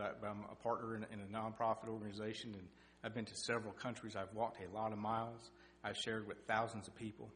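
Folksy middle-aged preacher man. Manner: folksy, animated, climbs in pitch and loudness for emphasis. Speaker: lay preacher. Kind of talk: sermon with personal testimony. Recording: echoey hall with faint hum.

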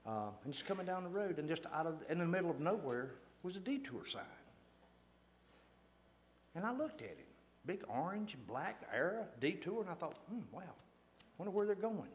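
Guy, slightly high voice, chatty self-deprecating church story, keeps repeating lines. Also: animated, normal speed, a little hiss or hum. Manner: folksy, self-deprecating, repeats phrases for emphasis. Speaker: church lay speaker.

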